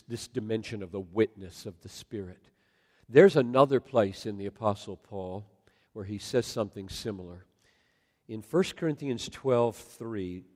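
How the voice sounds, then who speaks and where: A male pastor preaching a sermon in a large room, swinging from loud emphatic lines to soft, near-whispered ones. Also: lowish voice. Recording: long hall reverb.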